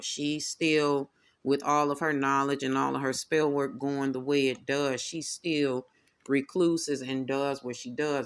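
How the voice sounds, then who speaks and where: A man giving a tarot reading as the host, talking in a sassy, casual way and often calling the listeners "honey" and "y'all". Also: medium pitch. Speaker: tarot reader. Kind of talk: casual commentary.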